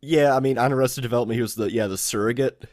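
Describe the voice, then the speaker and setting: A man co-hosting a podcast, talking in a halting way as he searches for his words. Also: mid-range voice, darkish tone, dry recording, clean studio sound. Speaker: podcast co-host. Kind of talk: casual chat.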